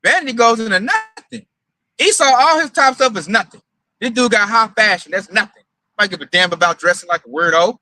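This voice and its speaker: High-pitched guy preaching loud n blunt, super bright voice, dry close sound. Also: expressive, fairly quick, dry recording, low-quality recording. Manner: emphatic, profane, mocking. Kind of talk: preaching commentary, casual.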